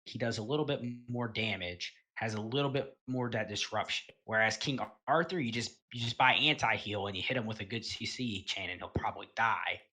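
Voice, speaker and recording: A man's voice: fairly low pitch, brisk, hardly any pauses, husky. Rambling, easygoing male gaming commentator. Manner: rambling, filler-heavy, self-correcting; relaxed, offhand, occasional swearing. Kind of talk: casual tier-list commentary.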